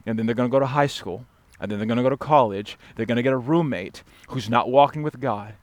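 A man's voice: medium pitch, quick pace, dry recording. Impassioned preacher man, dry close sound. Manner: impassioned, swinging between loud urging and hushed asides; repetitive, emphatic phrasing addressing the congregation directly. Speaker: pastor. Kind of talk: sermon.

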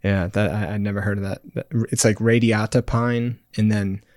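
A man co-hosting a podcast, laid-back and rambling in casual chat, trailing off softly at the end of his phrases. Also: lowish voice, flat delivery, moderate pace, dry recording, clean studio sound. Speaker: podcast co-host.

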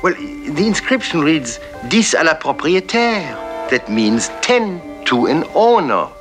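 An actor playing a fussy hotel waiter with a put-on French accent, in an old TV drama clip with music under it. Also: male voice, a little high, big pitch swings, slow. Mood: puzzled. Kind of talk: 1960s TV drama acting.

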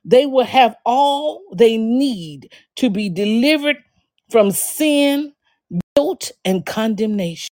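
A woman's voice: on the high side, animated, takes it slowly, darkish tone. A woman preaching a sermon on a podcast, exuberant, laughing often and calling out to her listeners, at times speaking in tongues.

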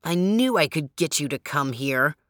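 A woman's voice: deep voice, lively intonation, normal speed, a bit bright, no echo, studio quality. A woman voicing a sneering porcupine man. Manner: sneering, hissing. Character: sneering giant male porcupine, a scheming old shape-shifter.

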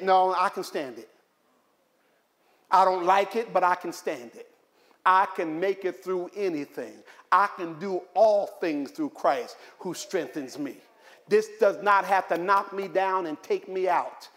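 A man's voice: sits high, normal speed. A male pastor preaching a sermon, mixing humorous personal stories with repeated, emphatic points. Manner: animated storytelling, humorous asides, repetitive emphasis.

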